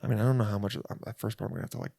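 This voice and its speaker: A man's voice: fairly low pitch, steady tone, rapid-fire, vocal fry, warm tone, dry recording, clean studio sound. A young man hosting a podcast, telling a rambling comedic monologue in a crude, self-interrupting way from a bed in a rental apartment. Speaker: podcast host.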